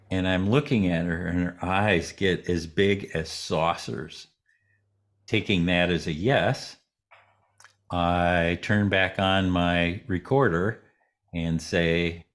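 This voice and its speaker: Speaking slowly in a deep voice, a man being interviewed tells a laid-back story. He performs the voices of each character as he goes.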